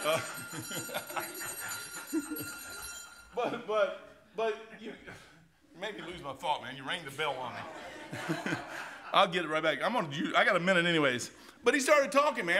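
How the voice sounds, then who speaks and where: A man's voice: high voice, moderate pace, long pauses, background noise. A middle-aged American man preaching an informal, folksy sermon as pastor, full of anecdotes and asides. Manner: folksy and animated, keeps saying "man", tells anecdotes. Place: church sanctuary.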